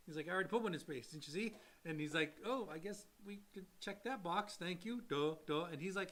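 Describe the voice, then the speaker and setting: Animated, bright-voiced podcast co-host. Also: male voice, high-pitched, quick pace, few pauses. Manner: animated, acts out quotes in voices, laughs often. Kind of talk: casual chat.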